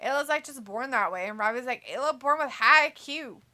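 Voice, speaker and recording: A woman's voice: high voice, expressive, brisk, sharp tone. A woman co-hosting a casual livestream, reading chat messages aloud and laughing often. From United States. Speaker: co-host reading live chat.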